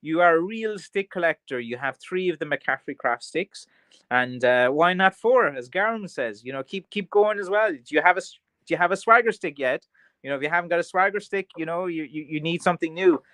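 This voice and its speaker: This Irish man's voice is a little high, pushed and bright, and he talks a little fast in a dry recording. He's a craft seller on a livestream, reading viewers' comments and chatting in a rambling way peppered with fillers and restarts.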